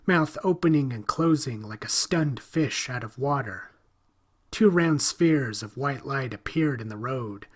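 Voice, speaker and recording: Slow, hushed male horror narrator. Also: mid-range voice, husky.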